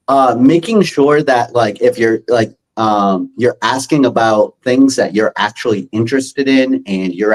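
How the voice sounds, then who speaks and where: A man with a mid-range voice speaks as a guest on a casual panel. He tells short stories in a relaxed way and laughs often while he makes his points. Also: fairly low pitch, rough recording.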